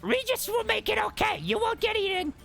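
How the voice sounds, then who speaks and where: A man voicing an eager, nervous little male kobold guide who talks in squeaky, broken phrases. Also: brisk, vocal fry, sharp tone, faint music behind, full character voice. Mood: reassuring.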